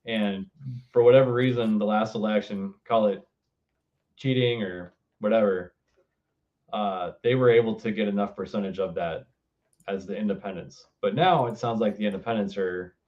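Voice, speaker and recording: A man's voice: on the low side, steady tone, moderate pace, a little mellow. A man co-hosting a casual political chat, talking earnestly and explaining things. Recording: dull lo-fi sound.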